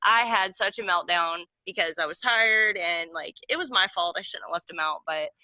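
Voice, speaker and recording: Chatting casually on a video call, a thirty-something woman rambles through a story, leaning on "like" at every turn. Her voice sits on the low side, bright and forceful, at a moderate pace, and the video call mic recording is dry.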